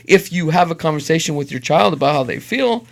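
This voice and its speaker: A man's voice: on the high side, animated, brisk, creaky. A middle-aged man co-hosting a podcast, telling stories in casual, profane, emphatic chat. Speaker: podcast co-host.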